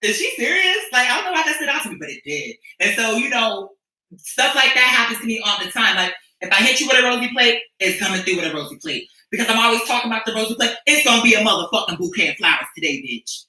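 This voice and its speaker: A rambling, profane streamer chats with viewers, sassy and quick to restart sentences. The voice is very bright and sharp. It rings around a very echoey room from a mic set well back. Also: medium pitch, expressive, recorded from a distance. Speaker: streamer and musician. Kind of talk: casual chat with viewers.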